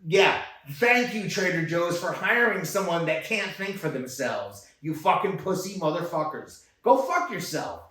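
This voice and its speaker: A man in his fifties rants and swears his way through a story, circling back over the same lines. His voice sits a little high for a man. He is set back from the mic in a very echoey room. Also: animated, measured pace, few pauses, a bit bright, distant mic. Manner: ranting, profane, repetitive. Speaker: guest. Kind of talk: casual profane storytelling.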